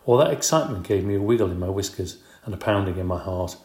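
Low-voiced man reading a storybook. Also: animated, fast talker, a little mellow. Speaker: audiobook narrator. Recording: roomy echo.

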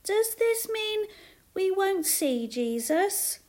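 A woman voicing a small, tearful little girl in a storybook reading, high and slow. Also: very animated, a little mellow, heavily acted.

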